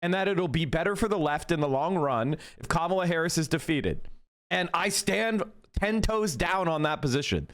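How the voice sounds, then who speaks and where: A man's voice: fairly high pitch, lively intonation, moderate pace, a bit bright. Combative profane man ranting to chat. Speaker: political streamer. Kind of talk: live-stream rant to chat.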